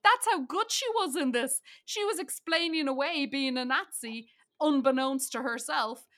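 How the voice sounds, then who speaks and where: Bright-voiced woman in lively chat. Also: high voice. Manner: lively, quick, laughs often. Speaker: podcast co-host. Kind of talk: casual film review chat.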